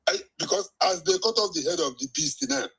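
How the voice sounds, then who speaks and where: A man calling in to a talk show, laughing and halting with fillers as he makes his point. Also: on the high side, a bit bright, slightly rough, poor audio. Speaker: caller. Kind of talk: call-in comments.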